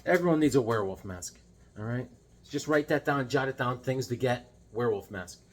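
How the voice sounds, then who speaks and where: A man's voice: mid-range voice, expressive, a little fast. A man chatting casually and enthusiastically about his comic finds, rambling and joking as he goes. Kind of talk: casual chat.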